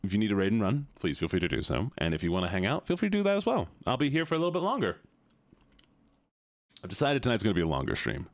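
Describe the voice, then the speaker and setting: A man's voice: fairly low pitch, huge pitch swings, fast talker, no echo. A man streaming a game, chatting playfully and talking to his viewers as if they were pets. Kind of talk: casual chat while gaming.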